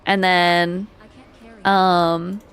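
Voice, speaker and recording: A woman's voice: on the low side, little pitch movement, extremely slow, fairly bright tone, clean tone. A young woman chatting playfully and teasingly with her audience while streaming a game at home. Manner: playful, giggly, teasing chat about slang. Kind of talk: casual live-stream chat.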